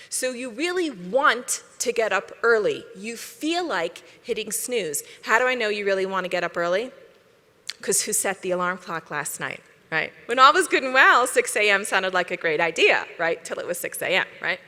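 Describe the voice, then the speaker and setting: A woman with a bright, fairly high voice gives a lively, conversational talk from a stage. She keeps checking in with the audience in a chatty way. Her voice carries a long reverb across a large hall. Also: moderate pace. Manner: lively, conversational, often adds "right?". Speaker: speaker at a convention. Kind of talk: inspirational lecture.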